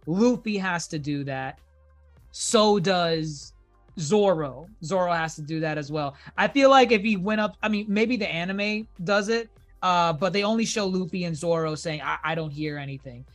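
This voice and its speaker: A man co-hosting a podcast, chatting casually and enthusiastically, quoting characters in a low mumble. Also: moderate pace, faint music behind. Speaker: podcast co-host.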